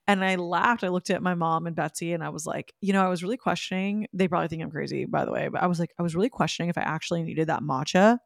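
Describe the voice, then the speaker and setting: A woman's voice: fairly low pitch, fast, gravelly, few pauses, no echo, clean studio sound. A young woman hosting a podcast, telling a casual story in a chatty way and laughing often. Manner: chatty, laughs often, spiritual wellness talk. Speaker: podcast host.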